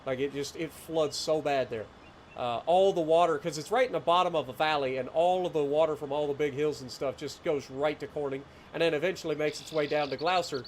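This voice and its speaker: A late-thirties man with a rural southeastern Ohio accent talks fairly quickly in a voice on the high side, slight background noise audible. Streaming gameplay, he greets his chat, rambles through stories, and chuckles frequently in a casual way.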